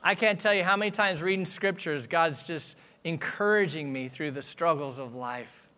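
A man preaching a sermon in a casual, conversational tone, with a voice sitting a touch high for a man. He talks straight to the congregation with questions, then slows down for firm, emphatic lines. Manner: conversational, asks the audience questions, swings from soft to emphatic. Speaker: pastor.

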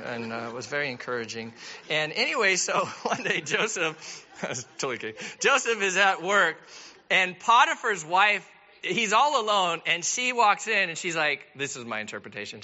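A man's voice: on the high side, sharp tone. A man preaching a sermon as pastor, telling the story with joking asides. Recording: dull lo-fi sound.

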